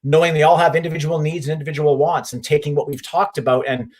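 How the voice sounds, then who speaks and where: A man with a slightly high voice hosts a podcast with plenty of enthusiasm. He asks long, winding questions, often restarting his sentences before he gets to the point. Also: steady tone, quick pace, darkish tone. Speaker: podcast host. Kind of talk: casual interview hosting.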